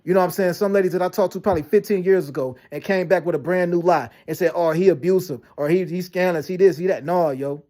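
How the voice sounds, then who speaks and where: Fast-talking aggrieved man ranting. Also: high voice, mellow. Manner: fast, repetitive storytelling with frequent restarts and "you know what I'm saying"; aggrieved and defensive, heavy slang and profanity. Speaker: vlogger. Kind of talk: rambling personal rant to camera.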